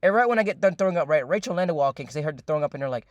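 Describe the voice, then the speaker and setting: A young man rattles off a rambling storytime monologue at a quick clip, his voice sitting a little high for a man. He swears freely, repeats himself and leans on fillers, calling out to his listeners as ladies and gentlemen. The sound is dry and close, with no room around it. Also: lively intonation, no echo. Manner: addresses viewers as ladies and gentlemen.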